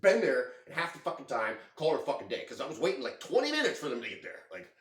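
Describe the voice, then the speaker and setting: A man telling a story to his camera in a casual, rambling, excitable way, full of swearing. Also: mid-range voice, rapid-fire. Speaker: vlogger. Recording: echoey room.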